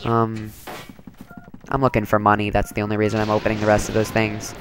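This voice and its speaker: A man's voice: fairly low pitch, monotone, a little fast, soft background music, poor audio. A man giving rambling, casual commentary over his gameplay, full of "like" and "um". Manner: chatty, rambling, lots of "like". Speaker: let's play commentator.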